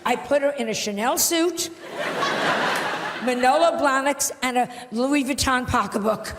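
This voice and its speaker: A woman's voice: sits high, a little slow. A woman doing a brash, mocking stand-up routine on a large theatre stage. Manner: brash, mocking, punchy delivery. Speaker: stand-up comedian. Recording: archive clip, echoey hall, loud crowd.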